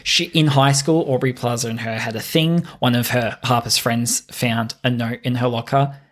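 A man's voice: mid-range voice, fairly even intonation, normal speed, a bit bright. A man talks through a movie's plot on a casual podcast. He swears often, restarts his sentences and acts out bits of dialogue as he goes. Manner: swearing, rambling retelling with quoted lines. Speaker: podcast co-host. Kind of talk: casual film chat.

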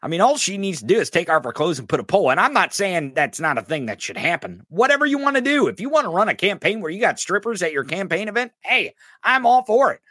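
A man's voice: high-pitched, sing-song, fast, few pauses, bright, forceful tone, no room sound, clean studio sound. A man hosting a podcast, ranting in mocking, profane political commentary and calling out a listener in the chat. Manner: mocking, profane, addresses a chatter directly. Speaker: podcast host.

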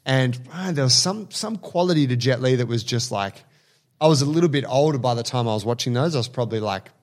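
A man co-hosting a podcast, telling relaxed anecdotes and swearing freely in casual chat. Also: medium pitch, fast talker. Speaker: podcast co-host.

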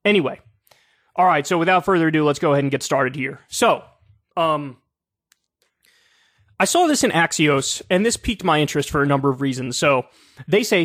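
A man's voice: on the high side, animated, a little fast, pauses often, a bit bright, no room sound, studio quality. A man in his thirties from the United States hosting a solo political commentary show in a casual, sarcastic, profane way with many fillers.

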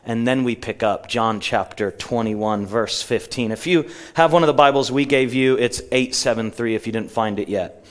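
Middle-aged male pastor, mid-range voice, preaching and retelling a story. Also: mid-range voice. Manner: storytelling, slows down for emphasis and quotes. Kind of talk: sermon. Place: church.

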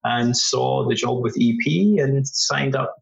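A man's voice: medium pitch, slow pace, creaky, lo-fi sound. A man in his thirties with a Scottish accent, chatting casually as an interview guest. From Scotland.

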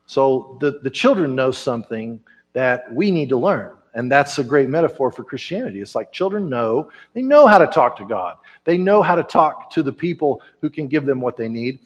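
A man's voice: a little high, animated, a little fast, slightly rough. A man with a Texan accent preaching a conversational sermon as pastor, talking with frequent restarts. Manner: conversational, warm storytelling with many restarts. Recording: church sanctuary with long reverb.

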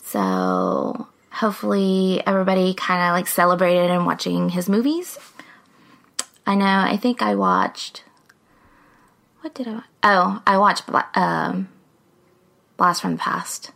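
A young woman co-hosts a relaxed podcast. She chats loosely and giggles easily, with plenty of ums. Her voice runs with a gravelly fry. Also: fairly low pitch, measured pace, pauses often. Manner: chatty, filler-heavy, giggly. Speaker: podcast co-host. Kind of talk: casual podcast chat.

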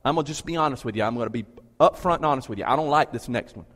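A man preaching a sermon to a large congregation, asking rhetorical questions and swinging between low, quiet pleading and loud, emphatic preaching. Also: racing, big-room sound. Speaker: pastor. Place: large church with a balcony.

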